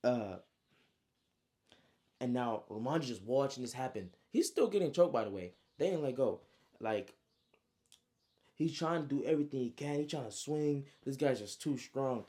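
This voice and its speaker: A man casually recapping his own story, slangy and animated, with frequent asides. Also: mid-range voice, normal speed, pauses often.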